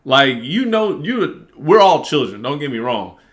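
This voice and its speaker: A man venting to the camera in a casual monologue, cursing freely and acting out both sides of an argument in an animated way. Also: mid-range voice, measured pace. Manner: animated, profane, reenacts arguments. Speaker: vlogger.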